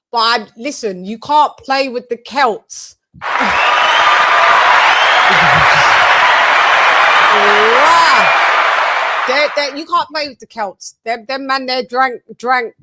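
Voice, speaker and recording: A woman hosting a casual chat show, telling lively, animated stories and swearing freely. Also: fairly high pitch, moderate pace, few pauses, over a noisy crowd, very noisy. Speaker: host.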